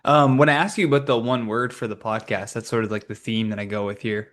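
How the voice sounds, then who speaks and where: A man hosting a podcast interview, quick to laugh and chiming in with short agreements. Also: on the low side, fairly even intonation, fairly bright tone. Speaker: podcast host. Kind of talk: casual interview chat.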